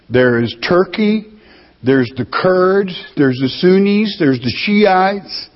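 A man preaches slowly and deliberately, his voice husky around the edges. He reads scripture aloud, then drives home its meaning bluntly. The recording is muffled, with a long reverb from the hall. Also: fairly high pitch. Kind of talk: sermon.

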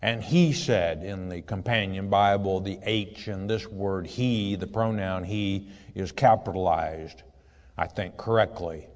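A male preacher reads scripture slowly and deliberately, adding short asides of commentary. His voice sits low, and a long reverb trails each phrase as if he were in a large hall. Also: fairly even intonation, a little mellow. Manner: measured, deliberate reading with asides. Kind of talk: sermon reading scripture with commentary.

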